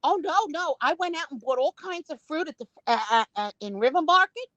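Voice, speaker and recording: An older woman with a New York accent tells stories on a livestream, high-pitched and swinging widely up and down. She keeps acting out what other people said, and her voice sits close and dry. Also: fairly quick, dry recording, dull audio. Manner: animated storyteller who acts out quotes. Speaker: guest on a livestream. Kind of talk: casual chat.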